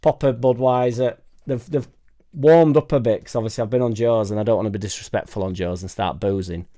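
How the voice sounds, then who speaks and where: A man's voice: lowish voice, fairly even intonation, fairly quick, warm tone. A man hosting a casual live stream from a home studio, chatting in a rambling, jokey way and reading out viewer comments. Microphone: suspended studio microphone.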